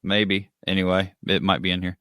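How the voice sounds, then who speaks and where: A man's voice: low voice, flat delivery, moderate pace, fairly bright tone, clear, resonant tone, no room sound, clean studio sound. A man co-hosting a podcast over a video call, joking around while reading out trivia questions. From Kentucky. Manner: joking, reads questions aloud. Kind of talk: casual chat.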